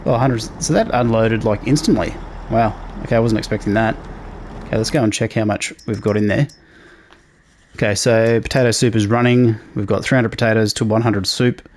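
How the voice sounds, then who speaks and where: A man hosting a casual let's play, relaxed and talking through each task as he plays. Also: on the low side, brisk, slight background noise. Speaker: gaming channel host.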